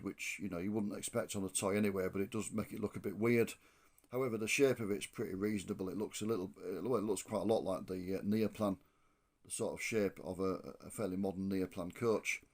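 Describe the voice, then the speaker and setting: Low-voiced man reviewing a toy. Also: darkish tone. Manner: thinking aloud with many ums and restarts. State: losing his voice. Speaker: model bus reviewer. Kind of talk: casual hands-on product review.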